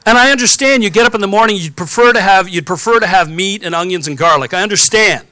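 A pastor with a high-pitched, fast, bright, and forceful voice, captured in a dry recording, delivers a conversational sermon. An adult with children, he reads scripture and mixes in personal stories and rhetorical questions.

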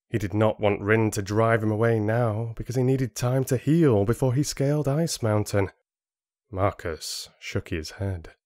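Low-voiced man narrating a fantasy audiobook. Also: no room sound, clean studio sound. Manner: steady storytelling.

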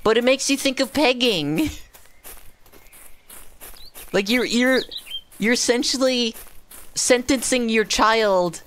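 A woman's voice: a little high, slow pace, long pauses, a bit bright, a little hiss or hum. A woman streaming a game, chatting casually to her viewers with profane jokes. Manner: profane, joking, talks to chat. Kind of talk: casual gaming commentary.

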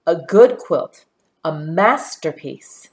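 A woman voicing a warm, proud elderly grandmother who speaks in a folksy dialect with slow, emphatic phrasing. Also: low-pitched, animated, exaggerated voice.

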